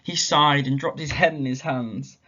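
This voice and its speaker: A man's voice: mid-range voice, steady tone, normal speed, sharp tone. A male teacher reading a story aloud expressively at a school assembly and asking the children questions. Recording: dull, muffled lo-fi recording.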